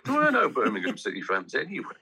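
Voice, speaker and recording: A man's voice: mid-range voice, wildly swooping pitch, fast talker, creaky, bright, forceful tone, slightly rough, poor audio. A man, chatting in a rambling, anecdotal way as a guest. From English West Midlands. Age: 60s. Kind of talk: casual chat.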